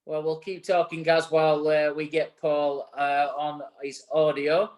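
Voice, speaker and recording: A man's voice: a little high, flat delivery, unhurried, darkish tone. A man co-hosting a live barbering show, chatty and joking with guests. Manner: jokey, chatty, encouraging. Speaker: podcast co-host.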